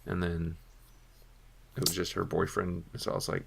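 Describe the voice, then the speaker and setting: A man's voice: low-pitched, monotone, moderate pace, creaky, slightly rough. A young adult man co-hosting a podcast, telling stories in casual chat and acting out the lines he quotes. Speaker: podcast co-host.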